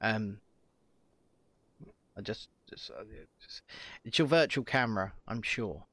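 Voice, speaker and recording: A man's voice: fairly low pitch, lively intonation, slow pace, fairly bright tone, no echo. A man on a video call, chatting casually and ranting with heavy swearing. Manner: profane, ranting, grows heated and emphatic. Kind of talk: casual online chat.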